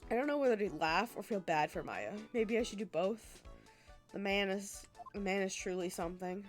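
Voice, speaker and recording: A woman's voice: mid-range voice, expressive, normal speed, faint music behind. A young woman streaming a video game, chatting to viewers with laughing asides.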